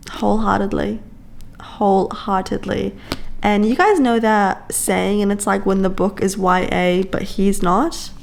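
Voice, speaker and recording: A woman talks casually to camera at home, gushing with drawn-out emphasis and the odd sigh. Her voice has a gravelly fry. Faint room ambience sits behind her, picked up by a camera-mounted mic. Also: medium pitch, slight background noise. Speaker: book vlogger.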